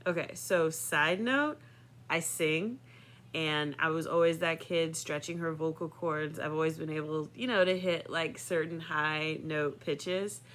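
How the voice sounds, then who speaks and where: A chatty woman in her thirties tells a personal story in a deep, slightly bright voice, using lots of filler words and laughing often.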